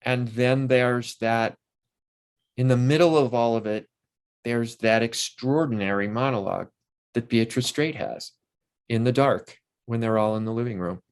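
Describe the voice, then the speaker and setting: A man's voice: medium pitch, a little slow, clean tone. A man in his sixties, an interview guest and actor, telling long, rambling anecdotes full of restarts.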